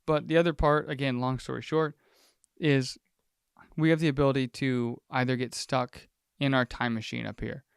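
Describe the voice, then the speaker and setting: A man's voice: mid-range voice, steady tone, normal speed, creaky, clean tone, dry recording, clean studio sound. A man co-hosting a casual podcast chat with a friend, talking in a reflective, rambling way and acting out quoted lines. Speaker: podcast co-host.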